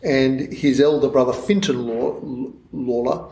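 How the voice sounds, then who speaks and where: Animated Australian man telling a story. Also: medium pitch, a little slow, gravelly. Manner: animated, digressive storyteller with emphatic bursts. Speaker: author guest. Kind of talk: conversational storytelling interview. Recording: roomy echo in a room.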